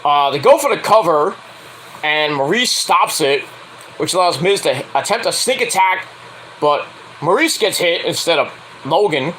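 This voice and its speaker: A man's voice: on the high side, expressive, measured pace, sharp tone, slight background noise, poor audio. A man casually recapping a wrestling event in a blunt, profane way, now and then acting out quotes in mocking voices. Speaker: wrestling show reviewer.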